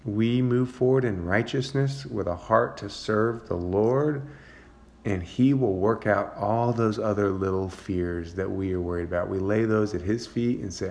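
A man with a low voice gives an informal Bible teaching. His voice has a gravelly, creaky edge. He reads scripture and then talks it through in a loose, thinking-aloud manner. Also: measured pace. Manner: reads psalm passages aloud, then comments in a relaxed, searching way with fillers. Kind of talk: informal Bible study talk.

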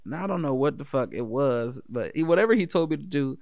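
Gravelly dc guy telling an old story, laid back, swears a lot, laughs, dry sound. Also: medium pitch, big pitch swings, fairly quick, a little mellow, no echo. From Washington, D.C. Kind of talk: casual personal storytelling.

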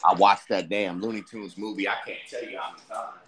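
Male storyteller, animated, keeps slipping into character voices. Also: fairly low pitch, fairly quick, a little hiss or hum. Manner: animated, acts out voices of himself and friends. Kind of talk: casual storytelling chat.

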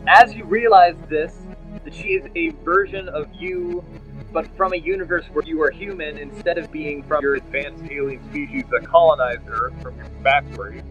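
A man's voice: a little high, moderate pace, a bit bright, lo-fi sound, soft background music. A man narrating as game master of a tabletop role-playing game, telling the story with many fillers and restarts.

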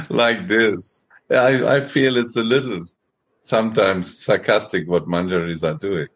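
Man, lowish voice, slow playful devotional talk. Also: a bit bright. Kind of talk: devotional discussion.

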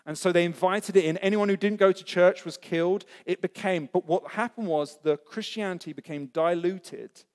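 A man's voice: high-pitched, moderate pace, few pauses, darkish tone. A man preaching a sermon as pastor, earnest and conversational, asking the congregation rhetorical questions. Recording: echoey hall.

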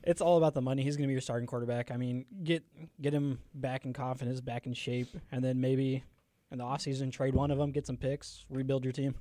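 Calm man with a dark voice. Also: medium pitch, fast, dry recording. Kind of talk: casual sports chat.

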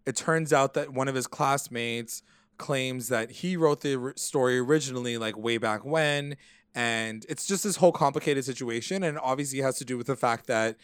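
A man's voice: medium pitch, a bit bright, clean tone, no room sound, studio quality. A man co-hosting a podcast, telling a recap in a rambling, casual way that is full of fillers. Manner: rambling, filler-heavy storytelling. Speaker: podcast co-host.

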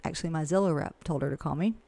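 A woman's voice: deep voice, very fast, gravelly, warm tone, no room sound. A woman who works as a real estate agent and coach, talking frankly and chattily in a casual interview. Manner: chatty and frank, with laughs and asides.

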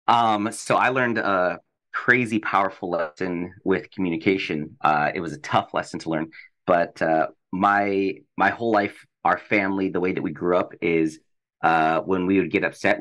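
A man's voice: sits low, fairly even intonation, moderate pace, fairly bright tone. A man on a faith podcast, telling a personal testimony in an earnest, reflective way. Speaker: podcast co-host.

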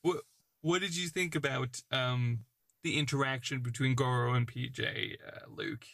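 A man's voice: medium pitch, steady tone, moderate pace, a bit bright, no echo, clean studio sound. A man who is the game master, chatting on a podcast, agreeable and laughing often. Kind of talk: casual podcast chat.

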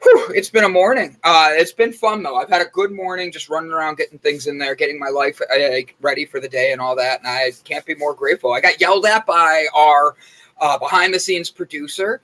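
A chatty male host tells rambling morning stories in a relaxed, casual way. His voice sits a bit high for a man and has a bright, forward edge. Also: a little fast, rough recording. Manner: chatty and rambling, with many fillers. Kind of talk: casual chat.

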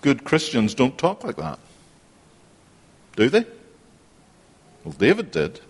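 A man's voice: mid-range voice, huge pitch swings, slow, husky. A man preaching a sermon, earnest and repeating phrases for emphasis. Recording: long hall reverb.

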